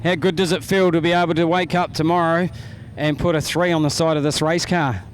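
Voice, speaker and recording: A man's voice: a little high, flat delivery, a little fast, slight background noise. A man with a New Zealand accent interviewing drivers trackside after a race, upbeat and chatty. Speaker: pit interviewer. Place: outdoors at a speedway.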